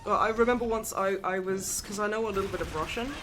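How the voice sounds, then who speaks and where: Streamer, mid-pitched voice, chatty and tangential, clear background noise. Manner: laughs often, quick and tangential. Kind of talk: casual group chat on a livestream.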